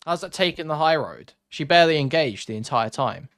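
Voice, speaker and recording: A man's voice: a little high, lively intonation, a little fast, fairly bright tone. A man hosting a reaction commentary stream, ranting sarcastically and swearing as he talks to his chat.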